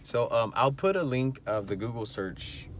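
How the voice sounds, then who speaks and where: A man's voice: medium pitch, expressive, normal speed, noisy background. A man with a Californian accent vlogging casually from a car, rambling emotionally with lots of fillers. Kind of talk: casual vlog commentary. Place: in a car at evening.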